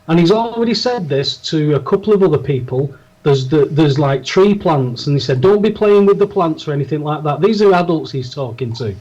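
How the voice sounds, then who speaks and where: High-voiced man telling a rambling anecdote. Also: lively intonation, fairly quick, hardly any pauses, dark tone, muffled recording. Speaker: podcast co-host. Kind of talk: casual storytelling chat.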